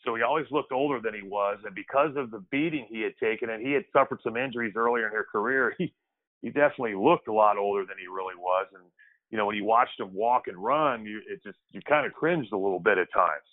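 A man with a lowish voice talks fast, telling stories over a tinny line. He's a former pro basketball player appearing as a guest in a casual storytelling interview, speaking loosely and conversationally with lots of restarts and repeated use of "kid."

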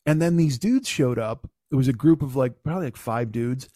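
A man's voice: mid-range voice, a little fast, no echo, clean studio sound. A man co-hosting a podcast in casual chat, telling stories with lots of swearing and mimicking people. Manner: profane, animated storyteller who mimics people. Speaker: podcast co-host.

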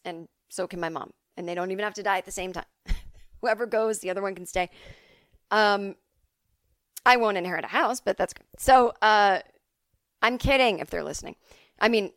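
A woman's voice: fairly low pitch, a bit bright, no room sound, studio quality. A woman hosting a podcast, telling rambling, self-deprecating stories in a casual comedic monologue. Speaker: podcast host.

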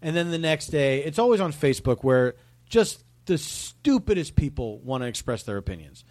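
A man's voice: on the high side, big pitch swings, moderate pace, a little mellow. A man talking as a podcast guest, emphatic and indignant, saying "like" often. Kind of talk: casual podcast chat.

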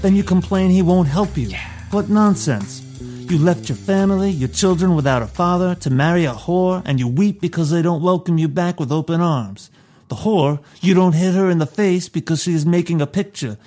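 A man's voice: sits high, moderate pace, mellow, faint music behind, pitched above the performer's own voice, close to an everyday voice. A man voicing a stern old mafia godfather who lectures his godson harshly. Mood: scornful.

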